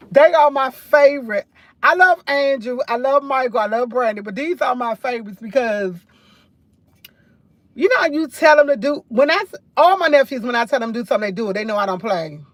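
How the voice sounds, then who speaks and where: A woman's voice: high-pitched, lively intonation, moderate pace, a bit bright, dry recording. Chatty New woman livestreaming. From New York. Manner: chatty, repeats phrases, rambling storytelling. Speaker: livestream host. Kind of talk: casual live chat.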